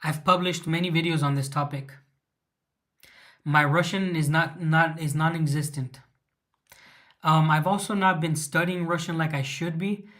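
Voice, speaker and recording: A man's voice: on the high side, fairly even intonation, moderate pace, long pauses, a bit bright. A man from Southern California with a Chicano English accent, hosting a casual livestream Q&A. He rambles, answers viewers' questions and stops to restart his sentences, with many ums. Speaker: livestream host. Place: living in Russia.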